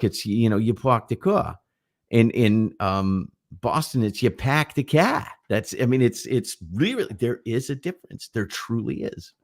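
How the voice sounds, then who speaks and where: A middle-aged man co-hosting a casual livestream chat, telling rambling, animated stories. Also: on the low side. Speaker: livestream co-host.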